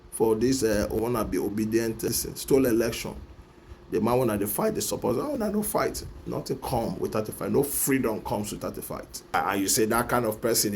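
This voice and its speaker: A man's voice: lowish voice, a little mellow, a little hiss or hum. A man with a Nigerian accent delivering an impassioned vlog monologue from his office, repeating his points with emphasis and slipping into Pidgin. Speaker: vlogger. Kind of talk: personal opinion monologue.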